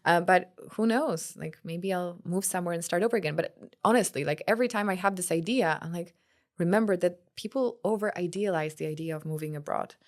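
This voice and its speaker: A woman speaks on a podcast as a guest. Her voice sits fairly low for a woman, and she tells her stories in an animated way, acting out what people said. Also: fairly quick. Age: late 20s. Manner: animated storytelling, acts out quotes, laughs often. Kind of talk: casual conversation.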